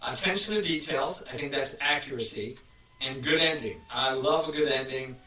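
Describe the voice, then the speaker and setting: A man's voice: medium pitch, moderate pace, bright, forceful tone. A man hosting a casual live stream, chatting in a rambling way and restarting his sentences often. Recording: roomy, mic at a distance.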